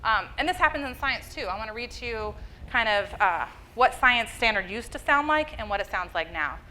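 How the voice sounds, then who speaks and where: A woman lecturing to a live audience, her voice bright and clear as she explains each step. She keeps asking the room "okay?" and "right?" to check they follow along. Faint room noise sits underneath her. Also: a little high, animated, normal speed, poor audio. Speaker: public lecture speaker on education. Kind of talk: public lecture.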